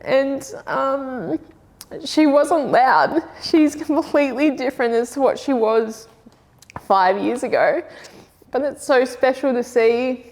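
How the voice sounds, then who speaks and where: In a large hall, a woman with an Australian accent speaks slowly in a high-sitting voice with a darkish tone. An army veteran and footballer, she gives a reflective personal testimony in a candid, plain-spoken, rambling way.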